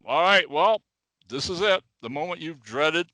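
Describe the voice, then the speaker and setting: A man co-hosting a casual podcast from a studio, animated, often restarting his sentences, and telling a joke. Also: fairly high pitch, unhurried, no room sound, low-quality recording. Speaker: podcast co-host.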